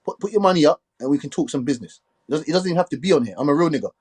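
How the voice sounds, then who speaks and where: A man hosting a casual live stream, talking quickly and filling his speech with "you get me". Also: a little high, expressive, a little mellow, husky. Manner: fast, repetitive filler "you get me".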